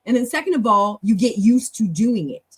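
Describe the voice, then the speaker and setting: A woman's voice: on the high side, expressive, normal speed, husky, rough recording. A woman hosting a language club, teaching in a chatty, encouraging, long-winded way on a casual live stream.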